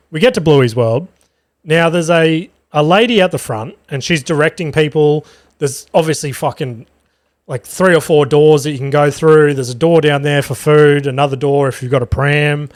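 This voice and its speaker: Australian man, young adult, podcast host, animated swearing storyteller, a bit high-pitched, dry close sound. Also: no echo. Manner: animated, profane, self-mocking. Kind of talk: casual storytelling chat. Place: home room with a cat.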